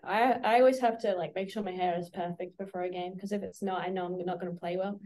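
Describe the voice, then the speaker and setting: A woman's voice: lowish voice, steady tone, fast talker, darkish tone. A young woman with an Australian accent, a college basketball player answering interview questions in an easygoing, chatty, teasing way over a video call. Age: young adult.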